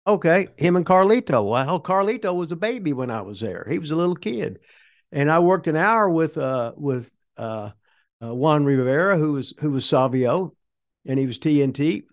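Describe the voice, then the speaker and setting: An older man tells stories in a loose, rambling, folksy way, cursing offhandedly. His voice sits a bit high for a man. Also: expressive, moderate pace. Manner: rambling, folksy, swears casually. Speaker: retired pro wrestler, interview guest. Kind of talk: rambling shoot interview storytelling.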